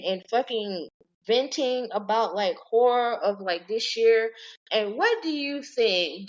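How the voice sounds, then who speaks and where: Her high voice comes through with the upper frequencies cut off as this woman in her forties hosts a podcast. The talk is a loose, foul-mouthed, rambling rant.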